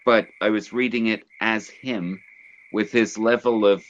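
A man's voice: lowish voice, steady tone. A man hosting a podcast, telling stories in casual chat. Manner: storytelling, drawn-out. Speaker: podcast host. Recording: dull lo-fi sound.

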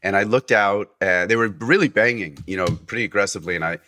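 A man's bright, forward voice sits a little low in pitch as he tells a story to a host. He talks in a casual, animated way. He jumps into the voices of the people he describes and trips over restarts as he goes. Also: slight background noise. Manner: animated anecdote, acting out quoted voices; halting, with many restarts. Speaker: podcast guest.

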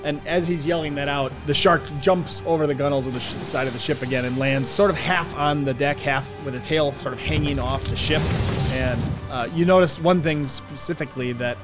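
A man narrating a tabletop game as game master, relaxed and descriptive. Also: fairly high pitch, brisk. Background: music.

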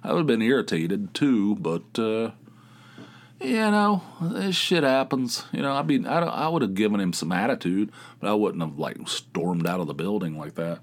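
Low-voiced man rambling casually. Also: sing-song, moderate pace. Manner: meandering storyteller, swears freely, frequent filler words. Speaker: podcast host.

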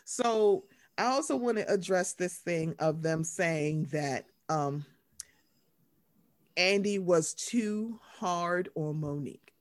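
A woman's voice: fairly low pitch, slow pace. A woman chatting casually and emphatically, acting out quotes with slang. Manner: emphatic, animated, acts out quotes, Southern US slang. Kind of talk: casual chat about reality TV.

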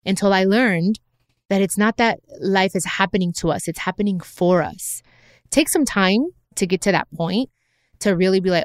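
A woman's voice: mid-range voice, normal speed, no room sound, clean studio sound. A woman hosting her own podcast, talking in an earnest, reflective way and slipping in Spanish phrases now and then. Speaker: podcast host. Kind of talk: heartfelt personal podcast talk.

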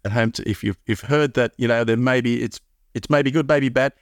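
A man's voice: mid-range voice, moderate pace, no room sound. Australian guy, middle-aged, interview guest. Loose, rambling delivery, dry close sound. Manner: rambling, many restarts and fillers. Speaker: math curriculum founder, guest. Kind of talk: casual interview talk.

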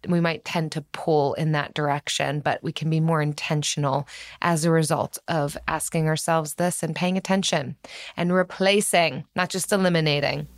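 A woman co-hosting a podcast, talking reflectively and animated in her reactions. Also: deep voice, dry recording, studio quality. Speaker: podcast co-host. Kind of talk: casual chat about personal finance.

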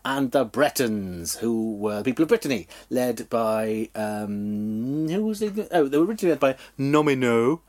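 A man, hosting a comedy history podcast, telling the story with frequent laughs and lively asides. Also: medium pitch, normal speed, few pauses. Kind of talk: casual comedic history chat.

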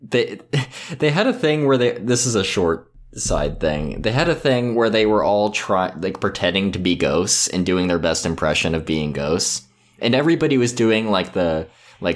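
A man co-hosting a podcast in casual chat, reacting and laughing often. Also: normal speed. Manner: reactive, laughs often, lively swings in pitch. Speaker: podcast co-host.

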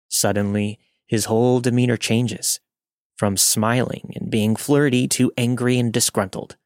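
A man narrating a scripted first-person horror story in a steady, measured reading. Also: mid-range voice, dry recording, studio quality.

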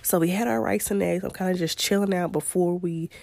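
A woman's voice: lowish voice, fairly even intonation, fairly quick, vocal fry, a little mellow, no echo. A woman, hosting a podcast and telling a story in a chatty way, laughing often. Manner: chatty, laughs often, Southern-style "y'all". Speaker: podcast host. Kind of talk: casual storytelling monologue.

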